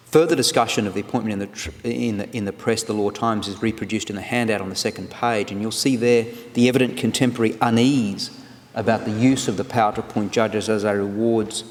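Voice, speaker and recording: Guy in his 40s reading out a formal lecture, lowish voice, big echoey hall. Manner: measured, scholarly delivery with occasional restarts. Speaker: guest lecturer on legal history. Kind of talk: formal public lecture read from a paper. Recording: long reverb of a lecture hall.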